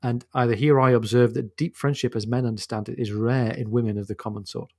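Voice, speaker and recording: A man's voice: medium pitch, steady tone, fast, hardly any pauses, a little mellow, no echo, clean studio sound. A man co-hosting a podcast, casually discussing a novel and reading passages aloud with expression, laughing often. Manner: thoughtful, reads quotes with expression, laughs often. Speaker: podcast co-host.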